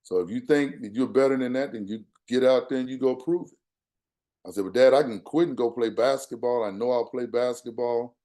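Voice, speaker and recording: Mellow older man telling his story. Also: medium pitch, brisk. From Texas. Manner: earnest, conversational storytelling with quoted dialogue. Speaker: guest speaker. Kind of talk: storytelling talk.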